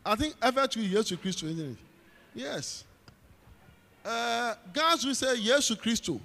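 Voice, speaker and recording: A high-voiced man with a Ghanaian accent preaches with emphatic, repeated phrases and calls out to his congregation. His voice carries a long reverb from a big hall. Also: lively intonation, unhurried, vocal fry, pushed and bright. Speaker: pastor. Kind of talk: sermon.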